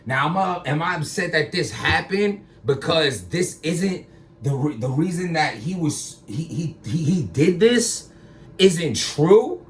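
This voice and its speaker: A battle rapper talking in a rambling casual commentary, bursting into loud emphatic lines. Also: male voice, a little high, animated, slow, distant mic, a little hiss or hum.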